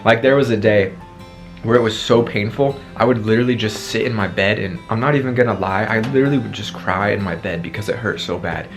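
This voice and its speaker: A man's voice: on the low side, a little fast, faint music behind. A man in his twenties telling a dramatic personal story on his vlog, acting out his own past lines, with a sore throat. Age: 20s. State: sore throat after tonsil surgery. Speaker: vlogger.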